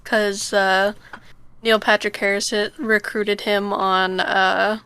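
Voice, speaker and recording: A woman's voice: mid-range voice, flat delivery, slow, sharp tone, clean tone. A woman co-hosting a casual streamed podcast, hesitant and trailing off with fillers. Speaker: podcast co-host. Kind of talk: casual chat.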